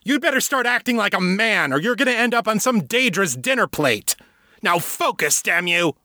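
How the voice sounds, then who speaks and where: A man's voice: lowish voice, animated, a little slow, sharp tone, breathy edge, no echo, clean studio sound, exaggerated voice. A man voicing a brutal, contemptuous father and warrior trainer who growls and barks in a fantasy audiobook. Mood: angry. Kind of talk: audiobook character reading.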